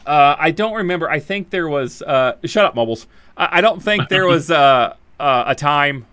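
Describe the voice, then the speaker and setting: A man spins a rambling personal anecdote on a podcast, jumping into the voices of the people in it and tripping over his own restarts. His voice is bright and slightly high for a man, and it sounds close and dry. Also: lively intonation, moderate pace, clear, resonant tone, no echo. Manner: rambling, acts out quoted dialogue; frequent restarts and laughter. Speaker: podcast host. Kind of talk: casual storytelling.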